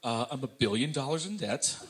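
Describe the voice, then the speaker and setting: A man's voice: medium pitch, expressive, fairly quick, breathy edge, voice pushed down. A man voicing a desperate radio caller who pleads and rambles, breathing heavily.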